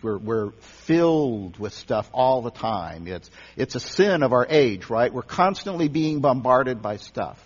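In a sermon on meditation, a man leading the service speaks casually, his voice carrying a breathy edge and lively rises and falls in pitch. He frequently repeats himself and restarts words. The recording is muffled and lo-fi, with a faint electrical hum and long reverb from the hall.

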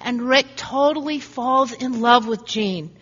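A woman's voice: a little high, unhurried, a bit bright. A woman preacher giving a sermon in an earnest storytelling way, acting out the voices in her stories. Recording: dull recording in a reverberant hall.

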